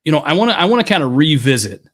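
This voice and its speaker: A man's voice: on the high side, very animated, very fast. A man co-hosting a casual sports podcast on a headset, laid-back and joking, swearing freely. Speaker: podcast co-host.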